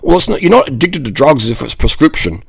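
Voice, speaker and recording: A man's voice: fairly high pitch, very animated, quick pace, creaky, breathy edge, dry recording. A man, ranting casually to camera in a blunt, rambling, profane way. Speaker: vlogger.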